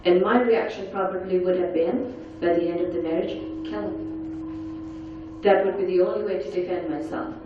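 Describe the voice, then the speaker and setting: A woman's voice: lowish voice, steady tone, fairly quick, hardly any pauses, background noise. Middle-aged woman telling her own story with intensity, recorded from far off in a big echoing hall. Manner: earnest, intense storytelling with acted-out quotes. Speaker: survivor giving a talk at a forum session. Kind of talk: personal testimony speech. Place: large conference hall. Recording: echoey, distant, dull hall recording.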